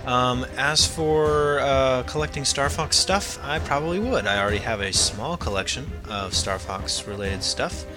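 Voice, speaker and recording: A young man hosting a casual podcast, reading listener emails in a halting way with many ums. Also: medium pitch, over music. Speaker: podcast host.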